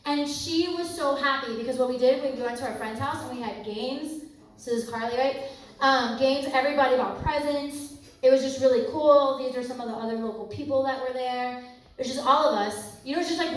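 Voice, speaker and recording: A woman giving a lively faith talk, chatty and animated, acting out the voices she quotes. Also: high voice. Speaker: speaker. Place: campus ministry center hall. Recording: echoey hall, distant mic.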